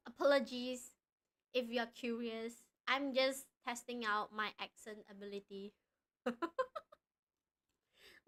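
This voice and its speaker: Giggly high-voiced young woman streamer. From Malaysia. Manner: giggly, excitable, breaks into laughter often. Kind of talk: casual live stream chat.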